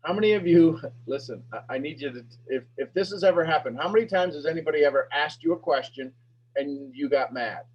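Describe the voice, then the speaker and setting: Husky man coaching with emphatic questions. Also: on the high side, a little fast, dull audio. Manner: emphatic, repetitive questions, rising to near-shouting. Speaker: sales coach leading a master class. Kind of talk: animated teaching talk to an online audience.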